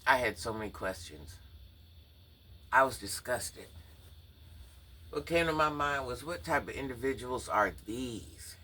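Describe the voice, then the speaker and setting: A man's voice: mid-range voice, lively intonation, a little slow, pauses often, bright, forceful tone, slightly rough, distant mic. A man giving incredulous, mocking drama commentary on a livestreamer, talking straight to his viewers.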